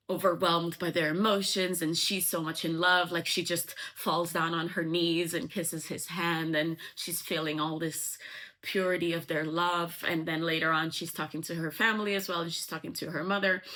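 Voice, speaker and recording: A woman's voice: fairly low pitch, sharp tone. A woman casually retelling a novel's plot in a chatty way, full of likes and ums. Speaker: book explainer.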